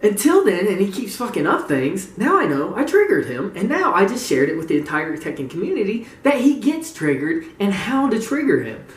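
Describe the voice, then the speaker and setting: A man's voice: high voice, huge pitch swings, a little fast, few pauses, recorded from a distance. A man ranting casually to his gaming community as a vlogger, gleeful and mocking, laughing often and swearing freely. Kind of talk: casual profane rant. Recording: roomy, voice away from the mic.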